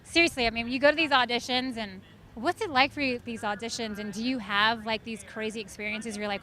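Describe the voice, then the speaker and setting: A woman's voice: fairly high pitch, steady tone, fast talker, pushed and bright. A woman hosting an entertainment interview show, asking chatty, upbeat questions over a faint music bed. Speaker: host.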